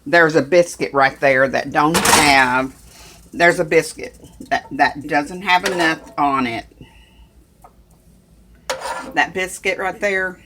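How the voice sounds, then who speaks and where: Slow-talking woman cooking at home. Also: sits low, fairly bright tone. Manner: chatty and homey, talks to viewers and her dog. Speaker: home cook vlogger. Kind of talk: casual cooking vlog.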